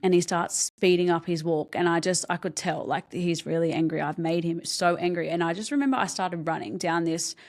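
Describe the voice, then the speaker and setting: A young adult woman, a podcast guest telling her own story in a candid, halting way, with many ums and restarts. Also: on the low side. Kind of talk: personal story told in an interview.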